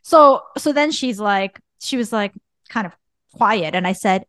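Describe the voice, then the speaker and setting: A woman in her thirties co-hosting a podcast, telling a story in animated casual chat and acting out the dialogue. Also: mid-range voice, unhurried, no echo. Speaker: podcast co-host.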